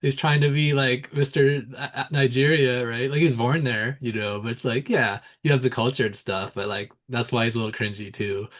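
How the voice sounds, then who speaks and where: A man's voice: medium pitch, fairly even intonation, normal speed, few pauses. A man co-hosting a sports podcast in casual chat, laid-back, chuckling between points. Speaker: podcast co-host.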